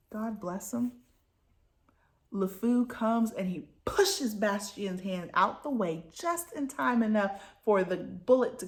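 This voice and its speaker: Woman book vlogger; excitable, gushing recap of the story, casual chat. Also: on the high side.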